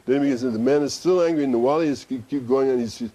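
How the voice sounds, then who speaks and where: A male Sufi teacher who tells a story in a quick, conversational way and keeps adding asides. His voice is mellow and dark, and he talks fast. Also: medium pitch. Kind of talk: storytelling discourse. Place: study center.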